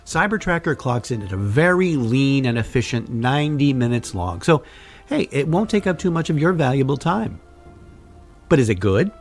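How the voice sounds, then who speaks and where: This is a man narrating his own podcast with a wry, chatty delivery. His pitch moves around in an animated way. Soft music plays quietly behind him. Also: moderate pace. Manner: wry, conversational, puts on a deep trailer voice at times. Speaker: podcast host.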